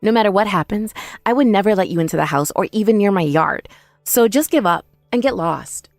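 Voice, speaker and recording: A woman's voice: medium pitch, lively intonation, fairly quick, creaky, no echo, soft background music. A woman voicing a young ex-wife who angrily accuses her former in-laws, in a text-message story drama. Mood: accusing. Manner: accusing, scornful. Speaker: main character, ex-wife.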